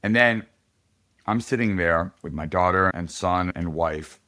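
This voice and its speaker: A middle-aged man, a political candidate, telling a story in a casual podcast interview, animated and laughing often. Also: low voice, unhurried.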